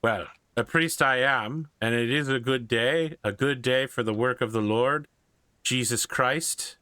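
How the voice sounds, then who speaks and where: A man's voice: medium pitch, a little slow, sharp tone, smooth, no room sound. A man voicing an earnest, pious male Irish priest with an Irish accent. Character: humble male Irish priest begging for alms.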